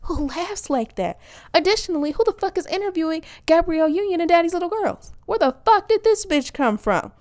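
A woman from Wisconsin delivering a casual comedic monologue, profane and animated, laughing often and mimicking other voices. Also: very high-pitched, a little fast.

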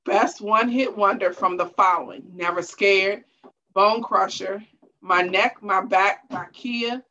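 A woman's voice: mid-range voice, measured pace, sharp tone. A woman in casual chat over a music quiz, playful, laughing often and trailing off mid-sentence. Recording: dull lo-fi sound.

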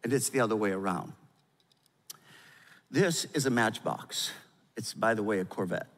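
An older man preaching a sermon as pastor, with emphatic delivery that swings from loud urgency to quiet gravity. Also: lowish voice, moderate pace. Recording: long hall reverb.

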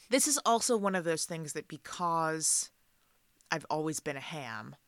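A woman's voice: low-pitched, lively intonation, a little slow, no room sound, studio quality. A woman who acts, chatting as a guest on a film podcast, opinionated and emphatic, often breaking off and restarting her sentences. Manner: opinionated, emphatic, self-interrupting. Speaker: guest, actor. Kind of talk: casual chat.

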